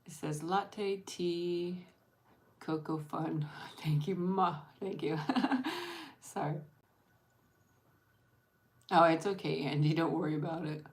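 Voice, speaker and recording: A woman's voice: low voice, a little mellow. A woman vlogger chatting casually with viewers over lunch. She rambles, restarts her sentences and thanks people by name. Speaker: vlogger hosting an eat-with-me stream. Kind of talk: casual livestream chat.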